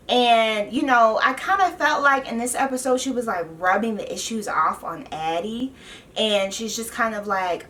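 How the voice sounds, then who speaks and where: A woman vlogger recapping a TV show in a casual, animated and exasperated way, full of slang. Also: on the high side, normal speed, recorded from a distance, a little hiss or hum.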